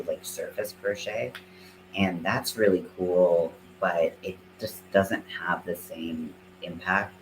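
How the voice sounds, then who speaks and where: A man's voice: low-pitched, background noise. A man with a Southern American accent, chatting casually and rambling with lots of fillers while he crochets on a live stream. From Southern United States. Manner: rambling, filler-heavy, self-deprecating.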